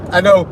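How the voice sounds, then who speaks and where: A man vlogging casually from his car as he drives to work, chatting and joking as his thoughts wander. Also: very high-pitched. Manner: chatty, jokey, wandering talk. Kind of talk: casual rambling car vlog. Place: car on a highway. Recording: car road noise behind voice.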